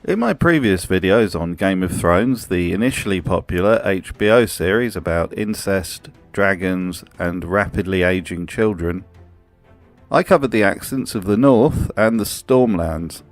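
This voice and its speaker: A man's voice: low voice, lively intonation, unhurried, dry recording, soft background music. A man hosting a comedic commentary video, with a dry, sardonic delivery. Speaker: host.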